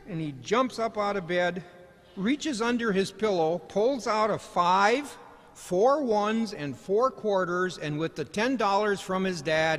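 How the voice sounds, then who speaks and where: Man, commencement speaker, folksy storytelling, high voice, slow, long hall reverb. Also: lively intonation. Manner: folksy, storytelling, gently humorous. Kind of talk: ceremonial speech with storytelling.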